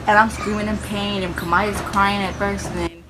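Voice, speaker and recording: A woman's voice: mid-range voice, moderate pace. Young woman vlogger, casual storytime delivery, noise behind her. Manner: animated retelling, quoting others in raised voices.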